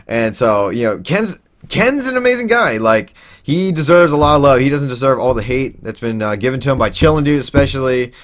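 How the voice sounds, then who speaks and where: A man's voice: medium pitch, animated, fairly quick, hardly any pauses. A young man telling a personal story in a casual, rambling way, with lots of fillers and restarts. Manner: acts out quoted people in raised voices.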